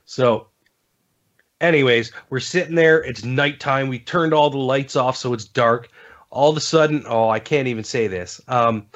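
Guesting on a podcast, a man chats casually about games, rambling through stories with many fillers and restarts. He has a mid-range, slightly bright voice and speaks at a moderate pace. The recording sounds dull and lo-fi.

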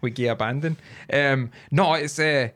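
A man's voice: medium pitch, unhurried, fairly bright tone. A middle-aged man with a Scottish accent, rambling and swearing in a casual podcast chat, laughing often. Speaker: podcast co-host.

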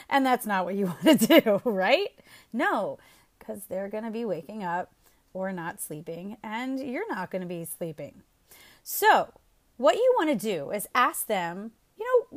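Upbeat woman host giving parenting tips, higher voice, lots of swing in her pitch. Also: sing-song, normal speed. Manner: chatty, laughs often, upbeat. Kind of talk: casual parenting advice.

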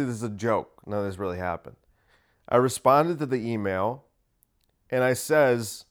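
A man hosting a casual solo podcast, ranting sarcastically and swearing freely. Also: medium pitch. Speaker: podcast host.

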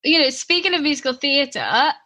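Bright chirpy woman interviewer. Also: high voice, animated, brisk. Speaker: guest interviewer. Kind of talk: casual interview chat.

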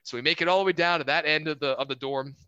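A young man in his twenties, a podcast guest on a remote call, telling an animated story with casual swearing and acted-out quotes. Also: on the high side, racing, clean tone, no echo, dull audio. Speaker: podcast guest, Air Force officer.

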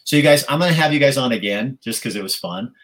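A man's voice: medium pitch, lively intonation, fast talker, a bit bright. A man hosting a podcast in casual chat, rambling with stammered restarts and playful teasing of his guests. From Oregon. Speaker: podcast host. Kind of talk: casual live-stream chat.

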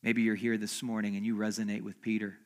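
A male pastor preaching a dramatic sermon at a church service, swinging from loud emphasis to soft, near-whispered lines. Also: fairly low pitch, flat delivery, fast.

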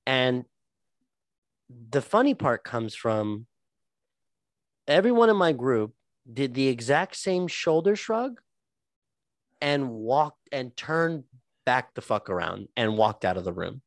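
A man co-hosting a podcast, telling a story in animated casual chat with lots of fillers and swearing. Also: medium pitch, takes it slowly, pauses often, no echo. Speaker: podcast co-host.

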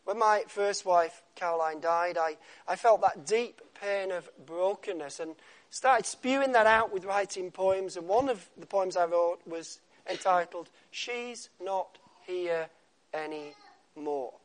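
A man preaching a sermon, with dramatic pauses and a voice that drops to a soft hush on key words. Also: high voice.

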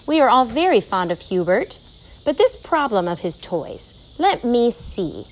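A woman voicing a kindly, wise older woman who knows about children, in a storybook reading, warm and unhurried. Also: fairly high pitch, sing-song, a little hiss or hum, low-quality recording.

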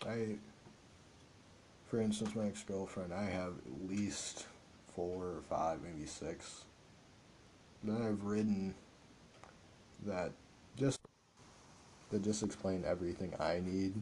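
A man's voice: low-pitched, slow, pauses often, warm tone, a little hiss or hum. A young man hosting a podcast, talking alone in an earnest, rambling, reflective way with many filler words. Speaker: podcast host. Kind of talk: reflective solo podcast monologue.

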